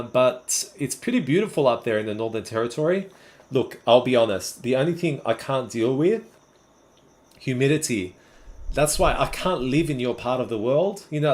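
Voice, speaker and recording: A man in his twenties or thirties with a Sydney Australian accent, casually chatting with viewers on a live stream and answering their messages. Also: medium pitch. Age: 20s or 30s. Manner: relaxed, chatty, answers chat messages one by one. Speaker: livestream host.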